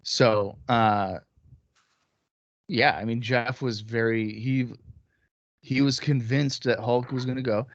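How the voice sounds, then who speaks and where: A man's voice: medium pitch, steady tone, slow pace, long pauses, no echo, highs cut off. A man co-hosting a wrestling podcast in casual chat, blunt and jokey, swearing as he rants. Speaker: podcast co-host.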